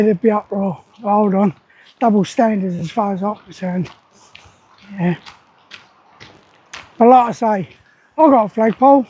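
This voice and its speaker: A man's voice: sits high, mellow, muffled recording. A man talking casually to camera in a rambling, opinionated way, with lots of fillers. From England. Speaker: vlogger.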